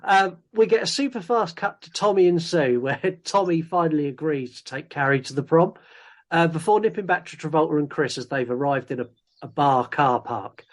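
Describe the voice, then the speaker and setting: A man's voice: fairly high pitch, moderate pace. A man co-hosting a podcast, recapping a film plot in casual chat and cracking dry jokes between laughs. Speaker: podcast co-host.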